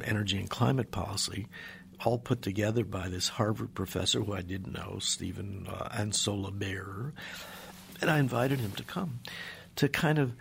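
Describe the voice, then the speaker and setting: A man's voice: fairly low pitch, gravelly, slight background noise. A man interviewed as a scientist guest, telling stories with enthusiasm and acting out what others said. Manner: enthusiastic storyteller, acts out quoted voices. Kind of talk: animated radio interview.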